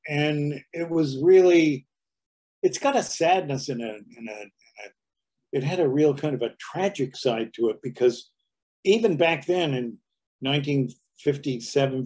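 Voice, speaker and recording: Lively older man telling stories. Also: on the high side, moderate pace. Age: 70s. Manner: anecdotal, lively, slips into dialect impressions. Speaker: guest comedian. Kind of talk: casual interview storytelling.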